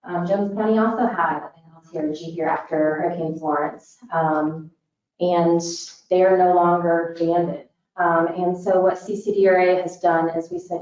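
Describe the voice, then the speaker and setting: A woman's voice: lowish voice, steady tone, normal speed, a little mellow. A woman from Northern Indiana with a northern US accent, giving an earnest public forum presentation for a disaster recovery group, with many "um" fillers. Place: large meeting room. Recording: echoey hall, distant, dull mic.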